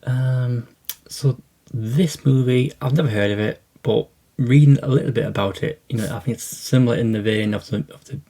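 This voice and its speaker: A man's voice: mid-range voice, normal speed, warm tone. A man hosting a casual unboxing vlog about his film collection, talking in a rambling, hesitant way with lots of fillers and restarts.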